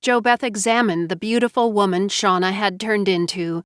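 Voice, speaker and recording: A woman narrating a novel with even, unhurried storytelling. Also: mid-range voice, clean tone, dry recording, studio quality. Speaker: audiobook narrator. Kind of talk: scripted narration.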